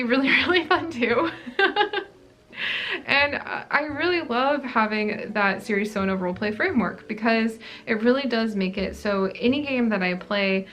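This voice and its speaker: A woman's voice: fairly high pitch, fairly bright tone. A woman hosting a gaming channel, chatting casually through a Q&A vlog in a rambling, friendly way. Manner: chatty, rambling, many "like" fillers.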